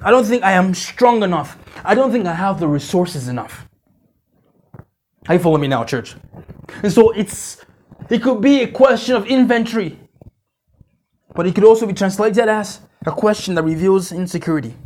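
A man's voice: high voice, animated, normal speed, pauses often, darkish tone. A male pastor preaching a conversational sermon at a church conference, repeating phrases and checking in with the congregation.

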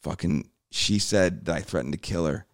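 A man with a fairly low voice, recorded close and dry on a podcast mic. He is a comedian spinning a long personal story in casual chat, swearing often and acting out the lines of the people in it. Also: moderate pace, dry recording. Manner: animated, swears freely, acts out quoted dialogue. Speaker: guest comedian.

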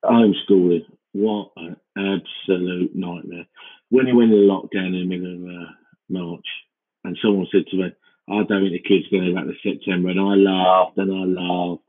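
A man hosting a comedy podcast, rambling through a self-mocking comic monologue in a deadpan way. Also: low voice, normal speed. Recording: band-limited, phone-like sound.

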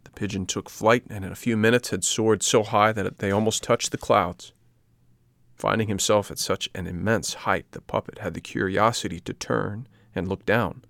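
Low-voiced man reading a storybook. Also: creaky, dry recording. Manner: measured, even reading. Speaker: narrator.

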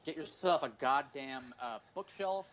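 A man's voice: mid-range voice, a little slow, a bit bright, a little hiss or hum. A man in his forties, a stand-up comedian, chatting casually on a podcast, rambling and swearing through jokey stories. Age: 40s. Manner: profane, rambling, jokey storytelling.

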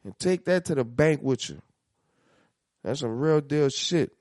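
Animated New Orleans man telling stories. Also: a little high, a little slow, no room sound, clean studio sound. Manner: animated storytelling, swears a lot, acts out quotes. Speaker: podcast co-host. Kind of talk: casual chat.

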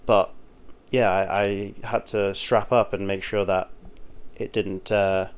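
A man's voice: fairly low pitch, level tone, slow pace, clear, resonant tone. A man co-hosting a casual podcast, telling stories about caddying with frequent laughs and restarts. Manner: rambling, laughs often, restarts sentences. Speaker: podcast co-host, golf caddie. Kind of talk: casual chat.

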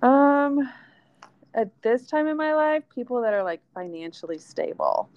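A woman's voice: fairly high pitch, animated, measured pace, lo-fi sound. A woman who is a guest on a podcast, chatting casually and trailing off between thoughts with many fillers. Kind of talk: casual interview chat.

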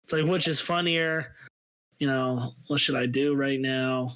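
A man's voice: mid-range voice, steady tone, unhurried, fairly bright tone, clear, resonant tone. A man co-hosting a comedy podcast, bantering playfully with mock-tough trash talk. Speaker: podcast co-host. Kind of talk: casual comedic chat.

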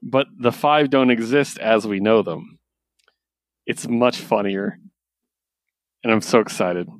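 A man co-hosting a casual podcast, recapping a story with animated storytelling and filler words. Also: lowish voice, slow, no room sound, clean studio sound. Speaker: podcast co-host, comic reviewer. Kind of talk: casual chat.

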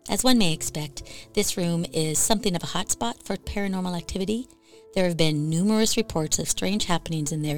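A woman telling a ghost story as scripted narration for a podcast, in an even, measured way. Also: on the low side.

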